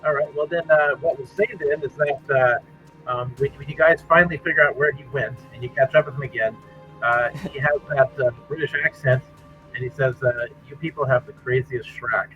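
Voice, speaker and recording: A man's voice: medium pitch, steady tone. Guy game-mastering over a tinny line, lots of uhs, faint music behind. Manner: halting, many fillers and restarts. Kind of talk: casual tabletop game narration. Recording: tinny phone-like call audio.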